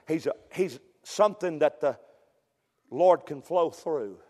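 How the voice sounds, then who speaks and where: A man preaching a sermon as pastor, telling folksy stories and dropping amens, sometimes breaking into shouts. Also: a little high, lively intonation, slow, in a large hall. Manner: folksy storytelling, peppered with amen, rising to shouts. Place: church sanctuary.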